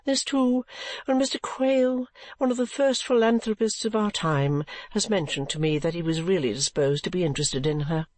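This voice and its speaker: A woman's voice: on the low side, normal speed, dry recording. Mrs. Jellyby, a woman doing a serene, dismissive mother. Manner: calm, complacent, dismissive. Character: serene distracted middle-aged mother, woman.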